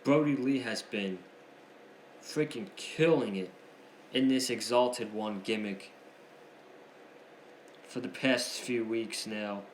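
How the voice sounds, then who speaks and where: A man recapping the week's wrestling shows in a casual, excitable, chatty way. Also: medium pitch, slow, pauses often, roomy sound, a little hiss or hum. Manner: excitable, chatty, slangy ("freaking"). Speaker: wrestling show reviewer.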